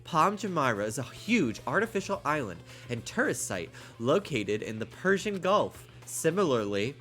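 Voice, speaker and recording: Stuffed-up male streamer, lively delivery, reads game text, playful and joking. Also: mid-range voice, normal speed, few pauses, soft background music. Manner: playful, stumbling over words, joking asides. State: stuffed up, congested. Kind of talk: reading game dialogue aloud on a stream.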